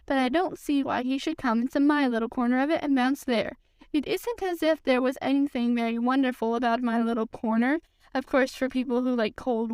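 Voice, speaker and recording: A woman voicing a gloomy, slow-talking old donkey in a storybook reading. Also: sits high, darkish tone, clear, resonant tone, no room sound, close to an everyday voice.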